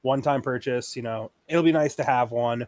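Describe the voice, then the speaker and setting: A man's voice: medium pitch, brisk, darkish tone, no room sound. Laid-back man telling stories, dry sound. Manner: laid-back storytelling with casual swearing. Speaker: podcast co-host. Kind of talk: casual chat.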